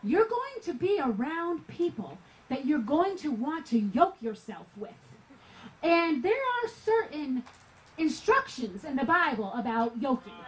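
A woman's voice: high voice, low-quality recording. A woman preaching at a gospel tent meeting, telling a personal story earnestly, sometimes laughing.

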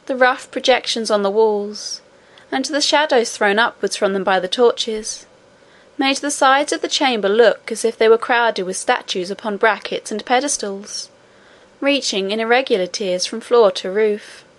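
A woman reading a classic children's fantasy novel aloud in a measured, expressive narration. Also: on the high side. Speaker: audiobook narrator. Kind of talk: scripted narration.

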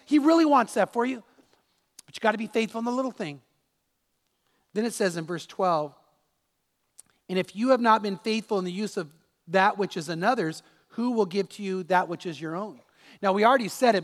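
A man's voice: high-pitched, fairly bright tone, big-room sound. A man preaching a sermon as pastor, pressing the congregation with emphatic rhetorical questions.

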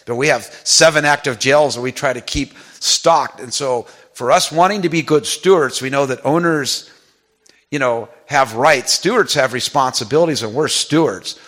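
A man's voice: mid-range voice, normal speed, fairly bright tone. Guy running a prison ministry, talks earnest and rambly, lots of "you know", plain mid voice. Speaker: prison ministry founder and president. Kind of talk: conversational storytelling in an interview.

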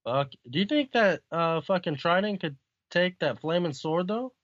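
A man's voice: high voice, lively intonation, moderate pace, a bit bright, dry recording, highs cut off. A man casually chatting about a comic book, swearing often and laughing along. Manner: profane, laid-back, laughing often.

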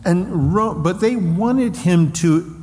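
A man preaching a sermon in an earnest way, sometimes acting out loud taunts from a crowd. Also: high-pitched, animated, slow, a little hiss or hum. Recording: reverberant hall with faint ambience.

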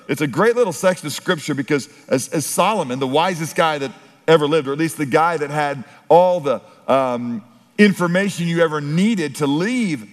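A middle-aged man preaching a sermon as pastor, building emphasis and breaking into story asides. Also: fairly high pitch. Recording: long hall reverb.

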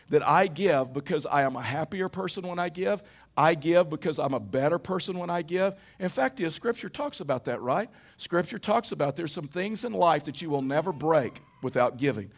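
Storytelling male preacher, slightly high voice. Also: a little fast. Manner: conversational storytelling preacher, rhetorical questions. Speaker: pastor. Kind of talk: sermon. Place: church.

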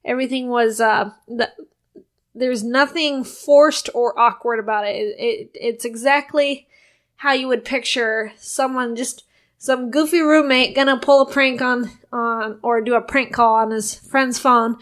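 A woman's voice: on the high side, steady tone, moderate pace. Enthusiastic woman podcast co-host. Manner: enthusiastic, retells sketches with acted quotes. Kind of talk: casual chat.

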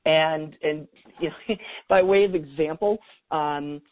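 A man's voice: fairly high pitch, slow pace, phone-quality sound. A middle-aged man talking as a guest expert in a podcast interview, chatty, with frequent restarts and easy laughs.

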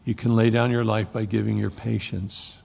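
A man preaching a sermon, swinging from loud emphasis to hushed near-whispers. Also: fairly low pitch, little pitch movement, normal speed, in a large hall. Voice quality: gravelly, husky voice. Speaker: pastor.

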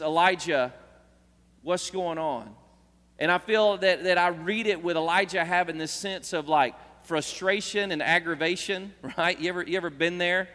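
Male preacher, fairly high voice, earnest and conversational, in a reverberant church hall. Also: fairly bright tone. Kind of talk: sermon. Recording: long reverb of a large hall.

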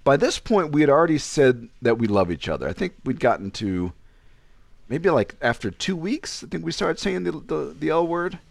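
A man's voice: normal speed, vocal fry, no room sound. A young man casually telling a personal story on a podcast, acting out the lines of the people in it. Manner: animated, acts out quoted lines with pitch jumps.

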